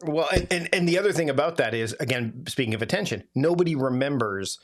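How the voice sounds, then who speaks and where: A man's voice: mid-range voice, lively intonation, fast, background noise. A man hosting an interview, asking long, thoughtful questions and offering reflections. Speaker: podcast host. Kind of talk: conversational interviewing.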